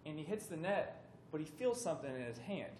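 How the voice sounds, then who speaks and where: A young youth speaker with a fairly high voice talks briskly, telling a story as part of a casual sermon. He's animated and conversational, acting out voices, in an echoey hall with faint background noise.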